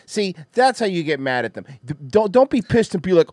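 High, animated man ranting on a stream. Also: a little fast, no echo, clean studio sound. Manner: profane, sarcastic, mocking. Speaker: livestream host. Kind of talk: casual commentary rant.

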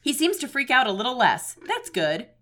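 A woman co-hosting a comedy podcast, narrating an adventure book with giggly, joking asides. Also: sits high. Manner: giggly, animated, quick with jokes. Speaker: co-host reading an adventure book aloud. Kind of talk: casual comedic chat and playful narration.

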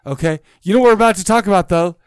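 A man's voice: sits high, very fast, clear, resonant tone, no room sound, studio quality. A man co-hosting a casual horror podcast, joking and laughing, troubled by hiccups. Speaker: podcast co-host. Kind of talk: casual chat.

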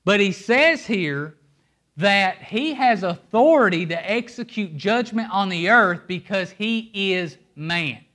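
Emphatic preacher man, fairly high voice. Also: animated, slow pace, bright, forceful tone. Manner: emphatic, pulls listeners in with questions. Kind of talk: sermon. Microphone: handheld microphone.

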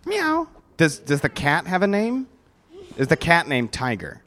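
Speaking at normal speed in a slightly high, fairly bright voice with big pitch swings, a Milwaukee man casually banters with children at an event. Into his handheld mic he's goofy and playful, stumbling over words and restarting.

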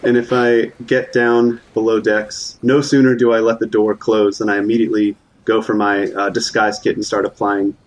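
A man's voice: on the low side, flat delivery, moderate pace, hardly any pauses. A man playing a tabletop game, describing his character's actions step by step. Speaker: player. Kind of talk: tabletop role-play chat.

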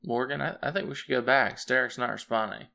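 A man's voice: mid-range voice, a little fast, creaky, pushed and bright. A man playing a tabletop game, talking hesitantly with many fillers. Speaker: player. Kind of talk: casual tabletop play.

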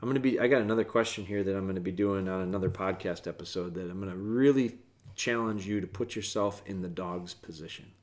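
A man hosting a casual podcast from home, talking earnestly and rambling with restarts, often dropping to a soft, quiet voice. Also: deep voice, fast talker. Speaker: podcast host, dog trainer. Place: home, with dogs in the room.

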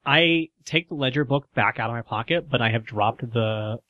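A man talks through his moves in a tabletop game, rambling and chatty. His voice is mid-pitched. The sound is dry and close. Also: moderate pace, no room sound, dull audio. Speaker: player. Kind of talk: casual tabletop game play.

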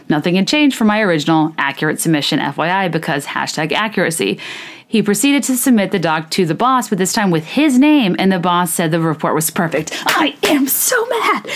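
Candid woman host, lowish voice. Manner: candid, indignant, talks with many "like" fillers. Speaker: podcast host reading listener stories. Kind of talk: casual chat and reading aloud.

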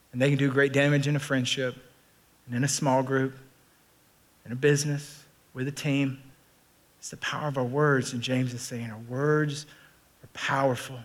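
Bright-voiced man preaching a sermon. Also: mid-range voice. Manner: animated, repeats phrases, folksy humor. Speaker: pastor.

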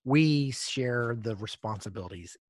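A middle-aged man co-hosting a podcast, chatting casually and telling lively stories. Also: medium pitch, unhurried, dry recording. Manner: animated storyteller, acts out quoted voices. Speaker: podcast co-host. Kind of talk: casual chat.

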